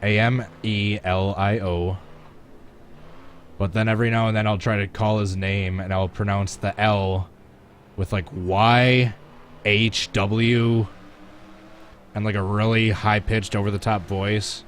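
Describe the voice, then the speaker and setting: A man's voice: on the low side, level tone, moderate pace, a little hiss or hum. A man casually chatting at home while streaming a racing game, reacting to viewers and the action. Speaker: gaming live streamer. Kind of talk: casual live-stream commentary while playing a racing sim.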